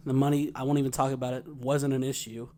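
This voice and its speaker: A man hosting a comedy podcast, telling crude stories loudly with deadpan punchlines. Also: mid-range voice, fast. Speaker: podcast host. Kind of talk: comedic casual chat and storytelling.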